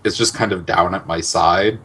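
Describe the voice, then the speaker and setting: Male player, low voice, casual and rambling, thinks aloud. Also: steady tone, normal speed, fairly bright tone, husky, low-quality recording. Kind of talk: casual tabletop play.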